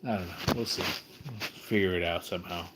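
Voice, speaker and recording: Man from California, low voice, rambling profane livestream chat, noisy background. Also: brisk. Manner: rambling, profane, trails off and restarts. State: low blood sugar, shaky.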